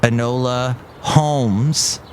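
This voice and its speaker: A man's voice: medium pitch, steady tone, drawn-out words, a little hiss or hum. A middle-aged man hosting a podcast, talking casually with a rambling, filler-heavy manner. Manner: rambling, chatty, full of fillers. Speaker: podcast host. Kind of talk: casual chat.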